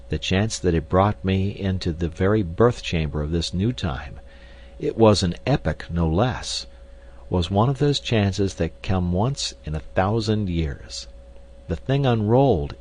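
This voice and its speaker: A man narrating a classic novel in the first person, measured and dramatic. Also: sits low, a little mellow. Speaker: audiobook narrator.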